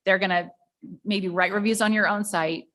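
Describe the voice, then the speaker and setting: A woman's voice: medium pitch, steady tone, normal speed, fairly bright tone. A woman presenting a small-business workshop, speaking in an upbeat, conversational way and asking the audience questions.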